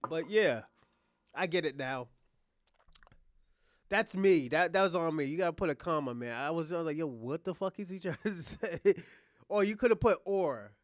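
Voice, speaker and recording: A man from the United States hosting a livestream, giving blunt, profane casual commentary and talking back to his chat in loud bursts. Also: fairly high pitch, expressive, normal speed, long pauses, no echo, studio quality. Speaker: livestream host.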